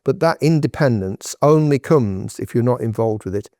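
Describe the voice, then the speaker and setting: Male podcast guest, mid-pitched, direct and emphatic delivery, dry studio sound. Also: expressive, normal speed, mellow, dry recording. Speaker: guest entrepreneur. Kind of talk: podcast interview, advice.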